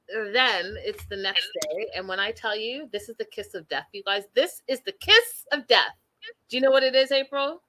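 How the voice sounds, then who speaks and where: A woman hosting a casual recap chat over a video call, animated and talking straight to her co-host. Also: on the low side. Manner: animated, acts out quotes, addresses co-host by name. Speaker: podcast host.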